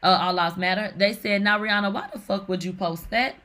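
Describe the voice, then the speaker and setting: Woman, gossip commentary host, sassy, slangy, bright voice. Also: medium pitch, brisk. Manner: sassy, animated, slangy, reads comments aloud. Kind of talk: casual celebrity gossip commentary.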